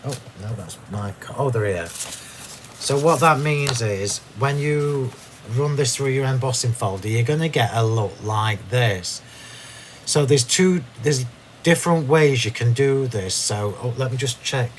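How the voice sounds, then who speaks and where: A man hosting a live crafting demonstration from his craft room, chatty and quick to laugh at himself as he explains. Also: mid-range voice, animated, slight background noise. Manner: chatty, self-laughing, restarts sentences. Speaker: craft demo host.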